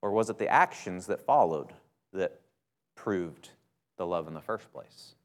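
A man's voice: deep voice, animated, a little slow. Male minister, casual sermon delivery, stresses key words, chatty asides, long hall reverb. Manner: conversational preaching, emphatic stressed words, frequent "right?".

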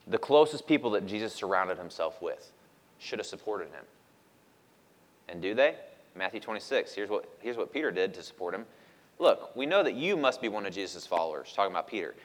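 A man preaching a sermon as a pastor, moving from loud, emphatic questions to hushed asides and acting out the voices of people in his stories. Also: on the low side, big-room sound.

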